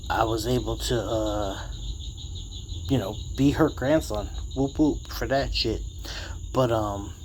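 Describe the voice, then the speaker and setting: A man's voice: on the low side, slow, long pauses, darkish tone, a little hiss or hum. A man telling a casual story, rambling and profane, full of streetwise slang.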